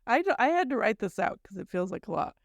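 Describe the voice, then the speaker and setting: A podcast co-host with a mid-range voice speaks quickly and very animatedly in clean studio sound with no room echo. Recapping a story in casual chat, she strings events together in long run-on chains, talking bluntly with some mild swearing.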